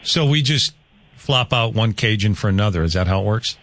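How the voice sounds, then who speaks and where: A man's voice: on the low side, animated, a little fast, a bit bright, dry recording. A man hosting a local radio morning show, chatting casually and joking with a guest and taking listener texts from a studio. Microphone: studio mic.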